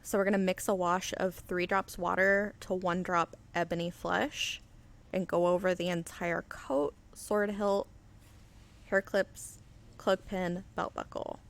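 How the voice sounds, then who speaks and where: A woman with a low voice and a gravelly edge hosts a live painting stream. She talks in a loose, rambling way and reads comments from viewers aloud as she works. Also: flat delivery, measured pace. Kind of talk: casual chat while demonstrating. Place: indoor studio under flood lighting. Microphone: webcam on auto settings.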